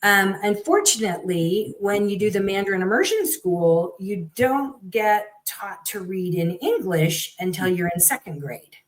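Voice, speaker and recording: A middle-aged woman, a guest parent, telling her story in a lively conversational way and acting out what others said. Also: medium pitch, unhurried, few pauses, low-quality recording. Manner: animated, acts out quoted people.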